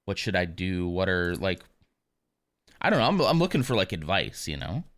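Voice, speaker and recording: Low-voiced man in candid streamer chat. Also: big pitch swings, normal speed, fairly bright tone, dry recording. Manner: candid and rambling, full of asides. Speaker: live streamer. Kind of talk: casual chat.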